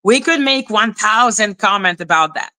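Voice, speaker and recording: A woman's voice: medium pitch, expressive, moderate pace, sharp tone. A woman giving casual reaction commentary as a YouTuber, blunt and profane as she talks back at clips.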